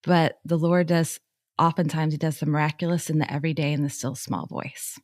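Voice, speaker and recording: A woman's voice: sits low, steady tone, fairly quick, darkish tone, no room sound, studio quality. A woman co-hosting a faith podcast, talking casually and animatedly with lots of "like" and laughter. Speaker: podcast co-host.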